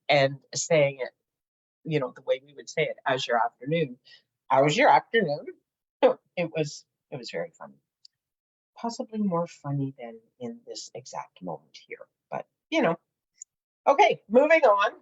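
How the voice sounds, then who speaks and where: Her lowish voice is slightly rough as this middle-aged crafting channel host chats through a casual tutorial. She giggles and thinks out loud while working, and the home recording is dull and lo-fi.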